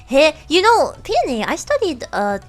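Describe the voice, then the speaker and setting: A high-pitched, excitable woman streamer chatting while she plays a game. Her pitch swings widely and she breaks into giggles often. Faint music plays behind her. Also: unhurried. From United States. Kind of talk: casual chat while gaming.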